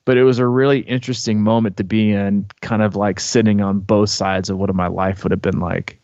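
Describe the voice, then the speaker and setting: A man's voice: on the low side, brisk, no echo, dull audio. Rambling man telling a story. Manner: rambling, animated storyteller with many fillers and restarts. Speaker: podcast co-host. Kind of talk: casual storytelling chat.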